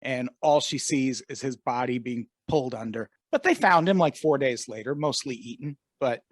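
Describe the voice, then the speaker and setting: A man's voice: medium pitch, lively intonation, normal speed, no echo, clean studio sound. A man co-hosting a comedy podcast, retelling odd news stories in a casual, laughing way. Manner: storytelling, laughs often. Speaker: podcast co-host.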